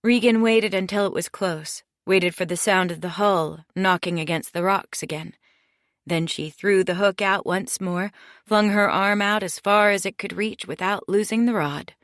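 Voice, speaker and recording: A woman reading a mystery audiobook in steady, measured scripted narration. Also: medium pitch, no room sound, clean studio sound.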